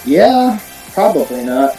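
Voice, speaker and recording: A woman player at a tabletop game with a low, mellow voice and a hesitant, wry way of talking. Her voice sounds echoey, with faint music behind it. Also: sing-song, slow pace, gravelly. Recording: echoey room.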